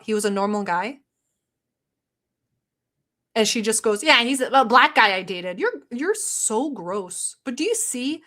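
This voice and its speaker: A woman vlogger who grew up in the Middle East, speaking English as a non-native, giving blunt, sarcastic, profane reaction commentary. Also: fairly high pitch. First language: not English.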